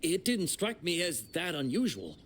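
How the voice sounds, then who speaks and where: A man's voice: fairly high pitch, big pitch swings, moderate pace, a bit bright, slight background noise. An actor voicing a jittery young man in a video game, nervous and stammering as he defends himself. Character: jittery young man caught in a shady deal.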